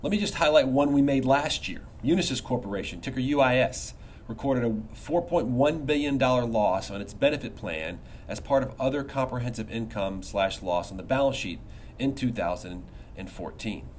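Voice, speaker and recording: A man's voice: mid-range voice, lively intonation, normal speed, a little mellow, a little hiss or hum. A middle-aged man hosting a finance podcast in a casual, emphatic monologue full of rhetorical questions. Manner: emphatic, conversational, asks rhetorical "you know what?". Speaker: podcast host, investment research firm founder.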